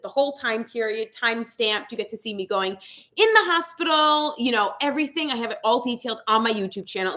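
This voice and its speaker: A young woman talks casually to her viewers, telling a story and acting out what everyone said. Her voice sits a little high. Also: fairly bright tone. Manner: chatty storytelling, acts out quotes. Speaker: vlogger. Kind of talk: casual livestream chat.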